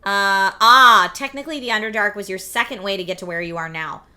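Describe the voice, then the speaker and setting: Bright, husky-voiced woman streamer chatting. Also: medium pitch, a little fast. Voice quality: slightly husky, scratchy voice. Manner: chatty, reads viewer chat aloud. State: lingering cough. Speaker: streamer host. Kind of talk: casual live-stream chat.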